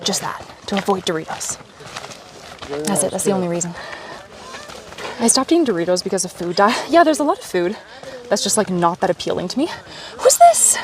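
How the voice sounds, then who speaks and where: A woman's voice: medium pitch, a little fast, long pauses, recorded from a distance, a crowd in the background. Chatty woman streaming outdoors. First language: Polish. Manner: chatty, animated, talking to chat while hiking. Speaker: livestreamer. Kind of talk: casual live stream chat. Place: outdoors on a lakeside trail.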